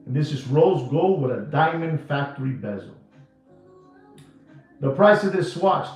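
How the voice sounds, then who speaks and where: A man from New York giving a watch market rant to camera in emphatic, repetitive, slangy sales patter. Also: fairly high pitch. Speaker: watch dealer. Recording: echoey, distant, dull sound with music.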